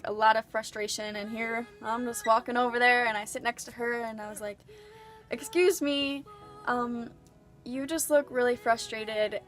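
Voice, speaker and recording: Young woman, vlogger, casual storytelling, earnest, chatty fillers, fairly high voice. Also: a bit bright.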